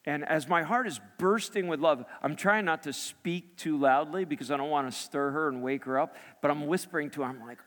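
A man's voice: a little high, brisk, few pauses. Man preaching in a reverberant hall. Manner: storytelling, dramatic shifts between loud and hushed. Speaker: pastor. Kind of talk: sermon.

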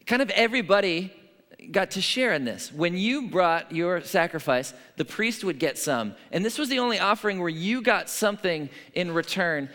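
A man preaches a sermon in an easy, conversational manner, weaving in personal stories and asides to his listeners. His voice sits a little higher than most men's. The sound carries a long reverb, as if from a large hall. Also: fairly bright tone. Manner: conversational, storytelling, frequent "right?" asides. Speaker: pastor.

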